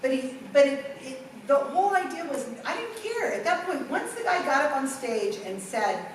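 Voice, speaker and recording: A middle-aged woman giving a workshop talk, telling a story with lively, acted-out quotes. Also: sits high, moderate pace, a little hiss or hum. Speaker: workshop presenter. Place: conference room. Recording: echoey room from far off.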